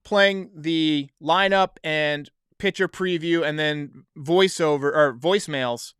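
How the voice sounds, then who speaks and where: A man's voice: on the high side, takes it slowly, a bit bright, clear, resonant tone, no echo, clean studio sound. A man hosting a casual sports podcast, chatting and reading viewer comments aloud. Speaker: podcast host. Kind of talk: casual live-stream talk.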